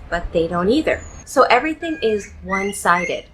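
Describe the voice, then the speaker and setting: A woman relationship coach giving advice straight to the viewer in a measured, emphatic way, leaning on key words. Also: medium pitch, very animated, fairly bright tone, a little hiss or hum, low-quality recording. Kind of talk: direct-to-camera advice talk.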